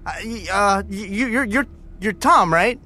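A man hosting an improvised comedy podcast, excitable and swinging from high yelps to gruff low lines as a superhero sidekick. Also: a little slow.

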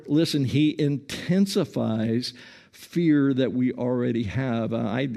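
A male pastor preaching a sermon in a calm, earnest way, often saying "listen" and repeating himself with small restarts. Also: mid-range voice, gravelly. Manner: frequent small restarts and stammers.

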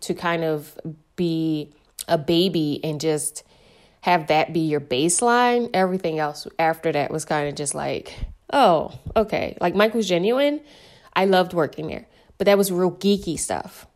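A woman with a slightly low voice tells her career story as an interview guest. She talks candidly and conversationally, filling her sentences with "like" and "you know". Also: a little slow. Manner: candid, chatty, peppered with "like". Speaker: sommelier guest.

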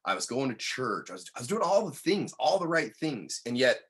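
A man guest on a podcast, telling a personal story in an earnest, candid way that turns animated when he quotes others. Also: medium pitch, a little fast, husky.

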